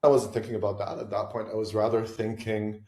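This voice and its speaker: A man's voice: fairly low pitch, level tone, fairly quick, darkish tone. A man from Lebanon, a podcast guest, answering interview questions in a reflective way, thinking aloud with asides and restarts. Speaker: podcast guest, venture investor. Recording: roomy echo.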